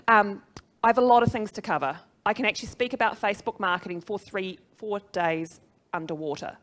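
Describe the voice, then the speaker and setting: A middle-aged woman with a New Zealand accent giving a chatty, upbeat live presentation to an audience and laughing at her own jokes. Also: mid-range voice. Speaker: conference speaker.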